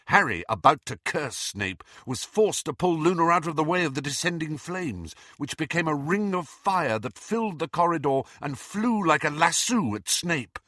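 A man narrating an audiobook in an expressive, dramatic reading. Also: a little high, moderate pace, few pauses, dry recording, studio quality. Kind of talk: scripted narration.

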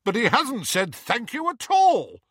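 A man's voice: very high voice, expressive, moderate pace, bright, forceful tone, no echo, clean studio sound, voice pushed up, full character voice. A man doing a prim, indignant witch. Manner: indignant, formal. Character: indignant earnest witch, a grown woman.

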